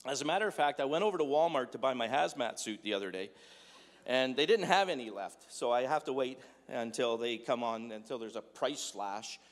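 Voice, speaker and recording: In a big echoey hall with long reverb, a man of Dutch background preaches a joking, chatty sermon full of rhetorical questions. He speaks briskly at medium pitch.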